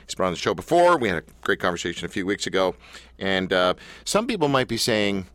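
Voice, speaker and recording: A man's voice: low-pitched, sing-song, fast, fairly bright tone, no echo. A man hosting a live radio talk show, candid and self-mocking as he speaks into a studio mic. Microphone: studio microphone.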